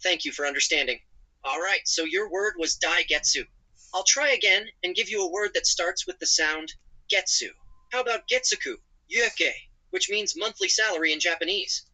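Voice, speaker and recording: Tts guy doing a doting chatbot bf, polite, bright, kinda high voice. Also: moderate pace, full character voice, rough recording. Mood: apologetic. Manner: polite and doting, using pet names. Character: sweet, apologetic male chatbot boyfriend. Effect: text-to-speech voice.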